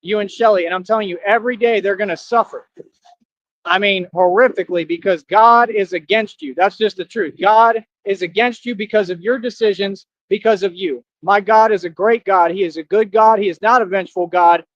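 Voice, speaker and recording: Streamer, male, high voice, dry close mic, confrontational and preachy. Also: brisk, no echo, highs cut off. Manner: combative, preachy, repeats rhetorical questions. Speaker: live streamer. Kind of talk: livestream rant reading comments.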